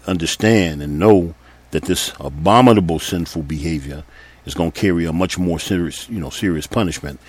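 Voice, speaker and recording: Man, very deep voice, sermon-style Bible teaching, earnest, repeats points for emphasis. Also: husky. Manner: reads scripture aloud between comments.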